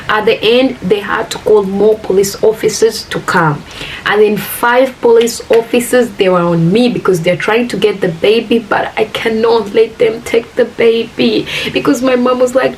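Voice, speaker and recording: A woman recounts a painful personal story for her vlog audience. She speaks earnestly at a middling pitch and acts out each quoted exchange. She sits a little back from the mic, and a faint hiss runs under her voice. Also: fairly even intonation, unhurried, far from the mic, low-quality recording. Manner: earnest, addresses viewers as "guys", acts out quoted dialogue. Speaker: vlogger. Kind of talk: emotional storytime retelling.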